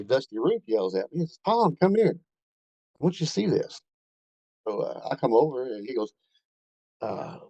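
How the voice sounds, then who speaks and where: A man's voice: on the low side, darkish tone, no room sound, poor audio. A man telling a rambling first-hand story in a casual way, with many fillers and restarts. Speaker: bigfoot researcher telling an encounter.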